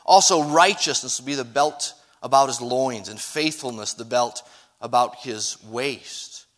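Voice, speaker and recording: A man preaching a sermon to his congregation, swinging between emphatic rises and hushed drops. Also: medium pitch, measured pace. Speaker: pastor.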